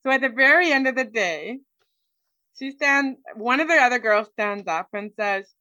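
A woman's voice: a little high, normal speed, pushed and bright, dry recording, poor audio. A woman guest in an interview, chatting casually through a personal story and acting out what people said to her. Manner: chatty, acts out quoted dialogue, many "like"s.

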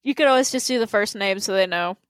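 A woman's voice: medium pitch, fast, dry recording. Woman, podcast co-host, casual chat, giggly, dry close sound. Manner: giggly, short replies.

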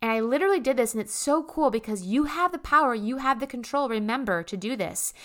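A woman's voice: fairly high pitch, expressive, quick pace. A woman hosting a self-help show, talking to listeners in a bubbly, chatty monologue full of fillers and asides. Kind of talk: casual motivational monologue.

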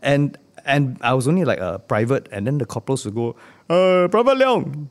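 A man in his fifties with a Singaporean accent, telling stories in a playful, animated way in a casual chat. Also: medium pitch, fairly quick. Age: 50s. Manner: animated, playful storytelling with laughter. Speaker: comedian co-host.

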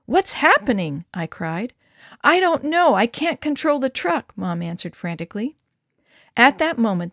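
A woman reading a story aloud for children as a storyteller, with an expressive delivery. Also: no room sound, studio quality. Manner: expressive, shifts pitch for dialogue.

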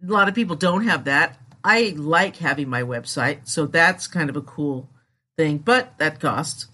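A woman with a low, husky, sharp-toned voice talks at a measured pace on her own solo podcast. She's candid, rambling and self-deprecating as she chats casually about her show.

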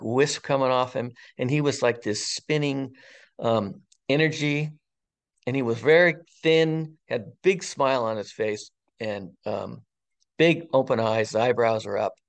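A man in his sixties, an interview guest and retired fire captain, tells a personal story in an earnest, wondering way with frequent ums and pauses. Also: medium pitch. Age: 60s.

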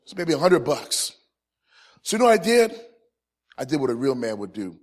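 A man in his forties in ministry, telling a humorous personal testimony to a live audience. He swings from loud, punchy comic lines to quiet, earnest points. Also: on the high side, very animated, normal speed, long pauses. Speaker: Christian ministry speaker.

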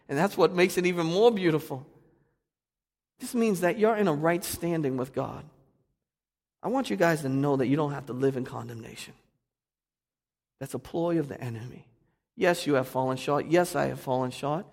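A male pastor preaching a sermon, swinging from hushed to loud and fervent. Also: medium pitch. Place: church sanctuary. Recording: long reverb of a church hall.

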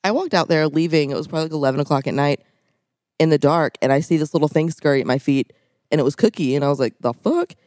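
A woman co-hosting a podcast, retelling stories in an animated casual chat. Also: low voice, fast, dry recording, studio quality. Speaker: podcast co-host.

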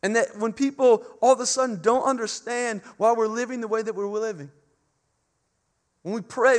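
A man's voice: very high voice, steady tone, normal speed. A man in his thirties preaching a sermon as pastor, earnest and conversational, slipping into casual storytelling.

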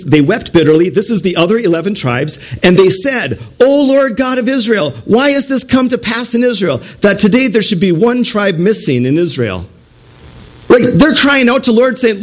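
A man's voice: fairly high pitch, a little mellow. A man preaching a sermon through a scripture passage, asking the listeners rhetorical questions and putting on pleading voices for the people he quotes. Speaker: pastor.

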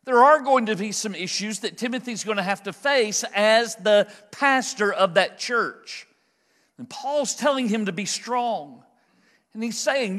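A man preaching a conversational, emphatic expository sermon as pastor, slowing down to stress key phrases. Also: sits high, lively intonation, fairly bright tone, long reverb tail. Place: church sanctuary.

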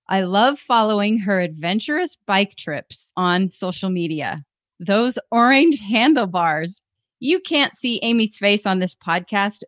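A young adult woman hosting a podcast, cheerful and quick to laugh. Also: medium pitch, fairly bright tone, dry recording, clean studio sound. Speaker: podcast host. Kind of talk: upbeat podcast chat.

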